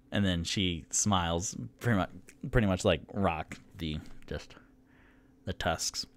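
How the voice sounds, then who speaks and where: A man's voice: sits low, takes it slowly, no echo. A man narrating a solo tabletop game as game master, in a casual, rambling way that often corrects itself.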